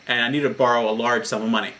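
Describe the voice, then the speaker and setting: A man's voice: medium pitch, little pitch movement, very fast, bright, forceful tone, slight background noise, close to an everyday voice, low-quality recording. A man voicing a dishonest male villager who eagerly talks his way into a loan. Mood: persuasive. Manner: eager, persuasive.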